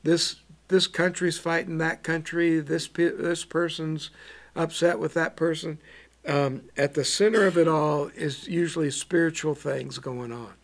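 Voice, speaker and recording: A man preaching a bible teaching, slow and halting, with many ums and repeated words. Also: fairly high pitch, fairly even intonation.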